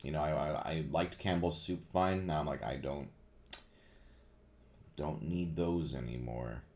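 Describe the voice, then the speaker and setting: A man's voice: rumbling low, measured pace, darkish tone. A man, a voice actor, casually answering viewer questions and rambling with lots of fillers and restarts. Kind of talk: casual Q&A chat.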